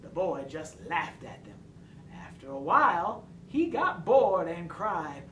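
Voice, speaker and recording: A man tells a children's story aloud with an expressive, sing-song delivery. He speaks slowly, and his pitch swings widely. The sound is roomy and distant, with a faint hiss behind it. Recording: roomy distant mic, faint background noise.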